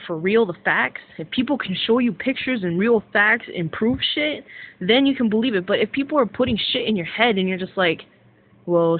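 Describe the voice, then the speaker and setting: A young woman ranting casually to camera as a vlogger, rambling with lots of fillers and swearing excitedly. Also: mid-range voice. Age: young adult. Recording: tinny phone-like sound.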